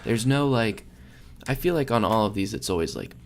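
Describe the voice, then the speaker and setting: A young man co-hosting a podcast, casually recapping a sitcom episode with animated retellings and quick acted-out quotes. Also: fairly low pitch, a little hiss or hum. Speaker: podcast co-host.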